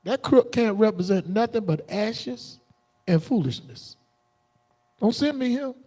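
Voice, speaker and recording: A man preaching a combative, defiant sermon on a livestream, jumping into sudden high outbursts. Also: lively intonation, measured pace, mellow. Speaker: preacher streaming live.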